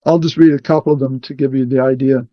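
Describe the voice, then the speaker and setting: A man leading a scripture study, explaining verses deliberately and checking in with "okay" often. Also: mid-range voice, steady tone, no room sound. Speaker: Bible study leader. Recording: muffled, dry sound.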